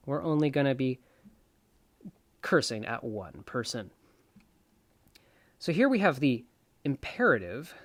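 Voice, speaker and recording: Male presenter, slow and unhurried, dry close sound, chatty lesson delivery. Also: medium pitch, no echo. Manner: chatty and playful, repeating words slowly for pronunciation. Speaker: self-taught Latin presenter. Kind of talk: casual explanatory lesson.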